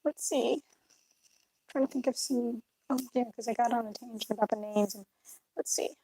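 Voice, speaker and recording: Soft-spoken young woman chatting while drawing. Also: fairly high pitch, steady tone, normal speed, breathy edge, dry recording, poor audio. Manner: rambling, absent-minded, soft-spoken. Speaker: art streamer. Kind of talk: casual chat with live chat while drawing. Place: indoors, hotel room.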